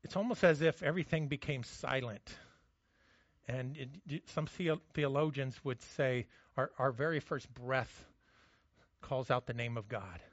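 A man preaching a sermon, telling a story with energy and dropping to a hush for the quiet moments. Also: medium pitch, a little slow, dry recording, highs cut off. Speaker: pastor.

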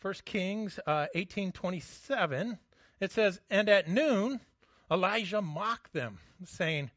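Male pastor, conversational sermon with self-mocking humor, bright forceful tone. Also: sits high, lively intonation, slow pace, no room sound, dull audio.

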